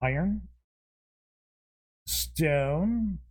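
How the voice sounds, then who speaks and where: Slow-talking man with a higher voice. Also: animated, a little mellow. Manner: reads card names aloud one by one with short asides; chuckles at himself. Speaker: show host. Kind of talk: casual unboxing commentary.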